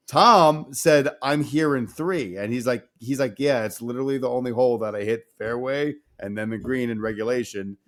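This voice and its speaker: A man's voice: mid-range voice, normal speed. A man co-hosting a casual podcast, telling a story with lots of swearing and acted-out dialogue. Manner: animated, swearing, acts out dialogue. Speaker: podcast co-host.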